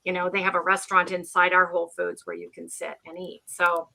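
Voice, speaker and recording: A woman, a guest on a livestream, telling her story in casual chat, animated and talkative, with frequent restarts. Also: lowish voice, brisk, gravelly. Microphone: livestream call.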